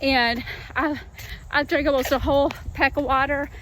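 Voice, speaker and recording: A woman's voice: high-pitched, fairly even intonation, normal speed, a bit bright, a little hiss or hum. A woman in her fifties, out of breath after a run, talking to her viewers in an earnest, chatty way and calling them y'all. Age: 50s. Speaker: fitness vlogger. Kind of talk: casual heartfelt talk to camera.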